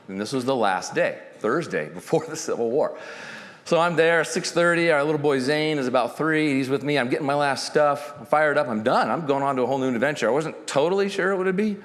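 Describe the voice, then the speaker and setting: Animated middle-aged man in a hall. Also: mid-range voice. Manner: animated, jokey, acts out quoted voices. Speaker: founder telling his company's origin. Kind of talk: storytelling talk to an audience. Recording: hall reverb.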